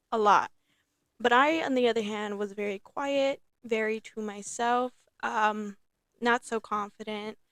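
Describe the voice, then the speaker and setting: A young woman hosting her own podcast in casual, rambling talk, repeating herself and filling pauses with um and like. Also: on the high side, a bit bright, no room sound, studio quality. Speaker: podcast host. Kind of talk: casual solo podcast chat.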